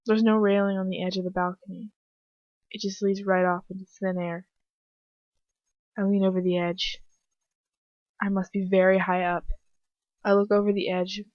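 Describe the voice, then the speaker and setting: A woman's voice: medium pitch, flat delivery, normal speed, long pauses, no echo. A young woman reading first-person fan fiction aloud at home, breaking off now and then to comment on the text. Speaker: fanfiction reader. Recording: dry, dull home recording.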